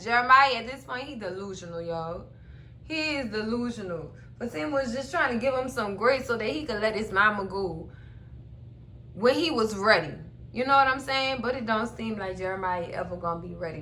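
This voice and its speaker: A woman's voice: on the high side, sharp tone. A woman hosting a casual TV episode recap, telling the story animatedly and acting out the characters' lines. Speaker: recap host.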